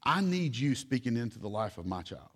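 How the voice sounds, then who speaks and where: A man's voice: mid-range voice, sing-song, a little fast, a bit bright. A young man, a pastor and father, preaching a sermon in an earnest, urgent tone. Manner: earnest, urgent pleading to the congregation.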